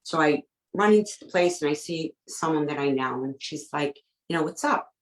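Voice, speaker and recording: A woman guest telling a personal story, retelling conversations in an emotional, halting way. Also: low voice, echoey room, low-quality recording.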